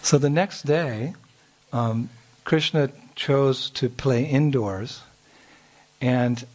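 A man's voice: medium pitch, very slow, darkish tone. A man telling a devotional story, chuckling often and restarting his sentences. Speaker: spiritual storyteller.

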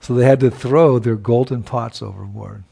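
A man preaching a sermon by retelling a sacred story, reflective, chuckling at times and pausing to search for words. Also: medium pitch, gravelly, mellow, husky.

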